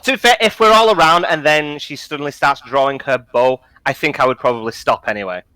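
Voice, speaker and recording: A man's voice: medium pitch, brisk, sharp tone, clear, resonant tone, no echo, poor audio. A man playing a tabletop game, eagerly arguing his case in casual chat. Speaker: player.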